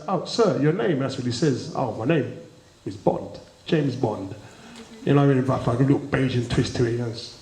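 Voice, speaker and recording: Give me a playful Cockney stand-up host, high-voiced, in an echoey club. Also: male voice, a little mellow. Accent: Cockney London. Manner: chatty, playful, uses slang. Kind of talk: stand-up comedy. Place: live comedy venue. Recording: echoey live room with audience.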